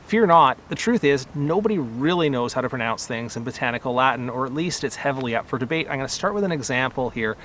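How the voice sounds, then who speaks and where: A middle-aged man speaks casually outdoors in a medium voice, relaxed and conversational. He pauses on fillers and corrects himself as he goes. Faint traffic hums behind him. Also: mid-range voice. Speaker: rose nursery grower and channel host. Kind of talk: casual talk to camera.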